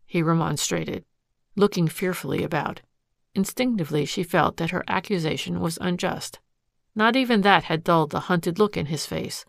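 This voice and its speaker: A woman narrating an audiobook in a measured, steady storytelling manner. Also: on the low side, vocal fry, no room sound, studio quality. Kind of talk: scripted narration.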